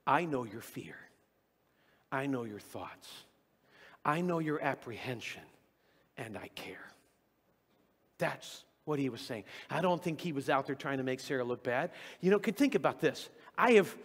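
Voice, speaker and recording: A middle-aged male pastor with a high-pitched voice, preaching in a loose, conversational way. He slips into the voices of the people he quotes, now loud, now dropping to a hush. The sound carries a long church reverb. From California. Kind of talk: sermon. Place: church sanctuary.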